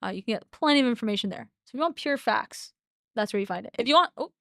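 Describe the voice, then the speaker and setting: A woman's voice: a little high, expressive, quick pace, vocal fry, fairly bright tone, dry recording. Chatty, laughing woman host on a dry mic. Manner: chatty storyteller, laughs often. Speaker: livestream co-host. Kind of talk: casual livestream chat.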